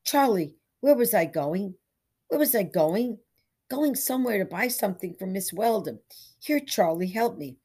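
A woman reading the part of a confused, gentle middle-aged eccentric man who speaks haltingly and repeats himself. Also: medium pitch, expressive, breathy edge, pitched above the performer's own voice. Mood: anxious. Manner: halting, pleading, repeats words.

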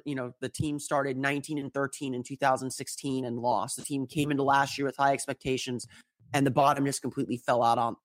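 A man's voice: mid-range voice, no echo. A man being interviewed about basketball, recovering from an illness, talking with frequent restarts and hesitations. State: recovering from illness, slight cough. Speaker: podcast guest, team analyst. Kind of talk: casual interview answers.

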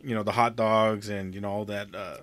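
A man's voice: on the low side, little pitch movement, fairly quick, a bit bright, dry recording. A man in casual chat, telling a long, profane, rambling story and laughing often.

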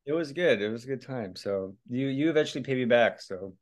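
A young man from Hawaii, appearing as a podcast guest, tells stories casually in a medium-pitched voice at a brisk pace. He's animated, laughs often, swears a lot and acts out other people's lines.

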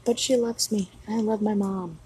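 A woman's voice: mid-range voice, fairly even intonation, normal speed, warm tone, breathy edge, poor audio. A woman in her thirties, a mother, talking outdoors at night in a blunt, heavily profane, rambling solo vlog monologue. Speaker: mother of young children.

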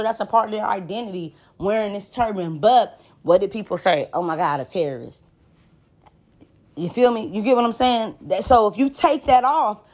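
A woman hosting a podcast, talking through her opinions in a blunt, emphatic, profane way and often turning to the listener with rhetorical questions. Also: mid-range voice. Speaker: podcast host. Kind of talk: casual opinion monologue.

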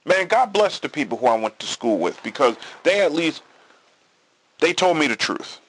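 Man, podcast host, casual monologue, gravelly husky voice, restarts. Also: fairly high pitch, sing-song, normal speed, a bit bright. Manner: storytelling with quoted dialogue, repeats and restarts.

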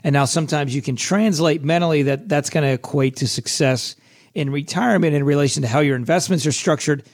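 A middle-aged man with a hoarse, scratchy voice, hosting a casual solo podcast in a chatty, self-deprecating way. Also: a little high, fairly quick. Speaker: podcast host.

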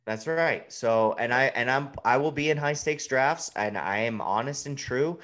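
A man's voice: mid-range voice, normal speed, a bit bright. A man in his thirties on a podcast, talking bluntly and swearing freely in casual chat. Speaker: podcast guest, fantasy baseball analyst.

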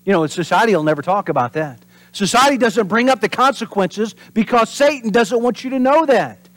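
High-voiced man preaching a sermon. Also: fairly quick, no room sound. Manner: animated preaching, acts out voices and drops to whispers for emphasis. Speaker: pastor.

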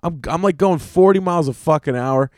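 A man's voice: on the high side, a little fast, no room sound. Guy ranting on his solo podcast, cusses a lot, rambly and fed up, dry close sound. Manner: profane, rambling and exasperated. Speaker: podcast host. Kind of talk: casual solo podcast rant.

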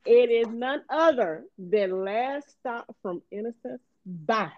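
A woman's voice: fairly high pitch, no echo, dull audio. Bubbly, laughing podcast host woman. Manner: bubbly, laughs often, talks fast when excited. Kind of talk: casual book podcast chat.

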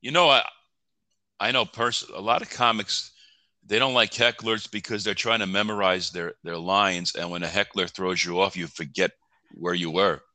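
A male interview host with a somewhat low voice and a very bright, sharp edge. He speaks in a friendly way, repeating words when he starts a sentence. He talks over an online call. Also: fairly even intonation, moderate pace, no room sound. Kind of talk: casual interview chat. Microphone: online call app.

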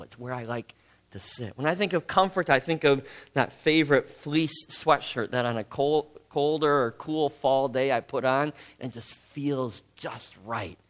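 A man's voice: mid-range voice, fairly bright tone. A man, a pastor giving a conversational teaching sermon and asking his congregation questions.

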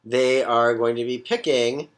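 A man's voice: medium pitch, fairly even intonation, unhurried. A man giving a casual, gossipy recap of a reality competition, with sassy asides.

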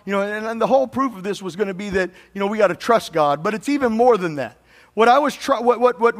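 High-pitched preacher guy in a big echoey church, keeps calling for amens. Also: fairly bright tone. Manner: call-and-response preaching, prompts congregation to say amen. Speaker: pastor. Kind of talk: sermon. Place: church sanctuary. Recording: long hall reverb.

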